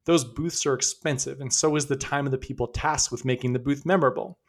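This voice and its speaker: A man's voice: mid-range voice, fairly even intonation, brisk. A man hosting a podcast, telling stories in a conversational, upbeat way. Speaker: podcast host. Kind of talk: scripted podcast narration.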